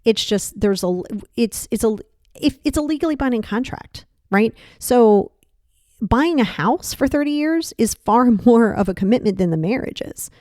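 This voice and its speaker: A woman in her fifties hosting a podcast, talking in a blunt, frank, casual monologue and swearing freely, with her pitch jumping up for emphasis. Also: moderate pace, dry recording, clean studio sound. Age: 50s. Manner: animated, pitch jumps for emphasis. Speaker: podcast host.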